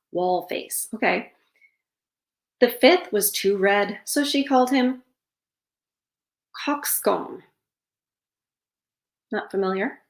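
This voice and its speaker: A storyteller with a mid-range voice and vocal fry reads a fairytale aloud, punctuating the passages with sarcastic asides. The audio has a roomy echo.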